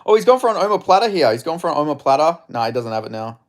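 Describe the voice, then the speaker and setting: A man streaming live fight commentary, excitable and swearing, chatting with his viewers between rounds. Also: fairly high pitch, racing.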